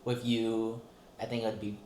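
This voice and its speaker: A man's voice: fairly low pitch, little pitch movement, unhurried, darkish tone. A young man co-hosting a podcast, chatting casually and rambling with lots of fillers, recorded in an apartment. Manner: rambling, filler-heavy, laughs often. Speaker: podcast co-host. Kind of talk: casual chat. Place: apartment room. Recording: echoey room with faint ambient noise.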